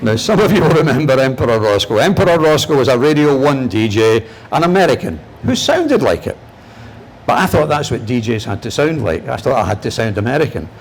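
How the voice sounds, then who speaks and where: An older man with a Glaswegian Scottish accent tells funny stories from his career at a lecture. His delivery is lively and animated, and his pitch jumps for punchlines. His voice sits in an ordinary male register. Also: brisk. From Scotland. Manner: humorous, animated storyteller, shifting pitch for punchlines. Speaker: guest lecturer and broadcaster. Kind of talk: anecdotal storytelling lecture.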